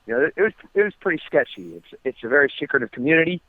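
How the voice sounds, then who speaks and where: A man's voice: on the high side, rapid-fire, no room sound. American man on a tinny phone line. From United States. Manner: relaxed storytelling with many ums and restarts. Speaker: guest fighter. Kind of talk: phone interview.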